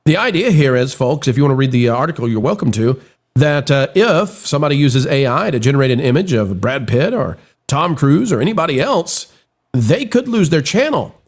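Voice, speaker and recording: Animated man hosting a live news stream. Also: medium pitch, a little fast. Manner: animated, theatrical delivery. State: getting over a cold. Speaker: show host.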